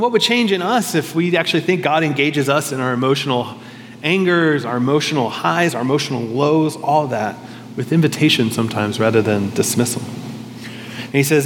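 A man's voice: a little high, fairly quick, big-room sound, a little hiss or hum. A male pastor preaching a sermon in a conversational, reflective way, often questioning himself aloud.

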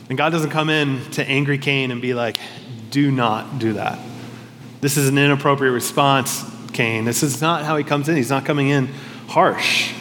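A man's voice: medium pitch, fairly bright tone, in a large hall, a little hiss or hum. A male pastor preaching a sermon in a conversational, reflective way, often questioning himself aloud.

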